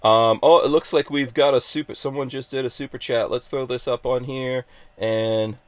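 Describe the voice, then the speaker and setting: A man's voice: mid-range voice, fairly even intonation, moderate pace, no room sound. A man hosting a live podcast stream, chatting casually in an upbeat, joking, rambling way. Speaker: podcast host.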